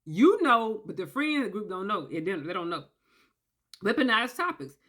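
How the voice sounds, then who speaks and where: A woman giving a casual explainer, emphatic and animated, often checking in with "okay?" and acting out quoted voices. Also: mid-range voice, moderate pace. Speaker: commentator on narcissistic abuse. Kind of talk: casual talking-head explainer.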